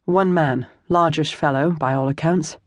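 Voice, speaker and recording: An audiobook narrator voicing a bold young woman who plans a street scheme, speaking briskly and to the point. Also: mid-range voice, no room sound, natural voice.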